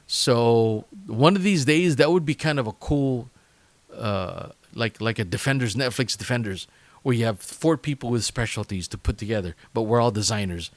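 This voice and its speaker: A man's voice: medium pitch, moderate pace, no room sound. A man hosting his own podcast, rambling through a casual sign-off with lots of fillers and self-mocking asides, his voice worn out after a long session. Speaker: podcast host.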